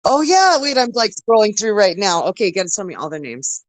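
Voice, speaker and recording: A woman from Germany, German her first language, talks in a casual online voice chat. Her pitch swings widely as she rambles, full of likes and you knows. The sound is dry and close. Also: very animated, fairly quick, no room sound. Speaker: voice chat participant. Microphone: online voice chat mic.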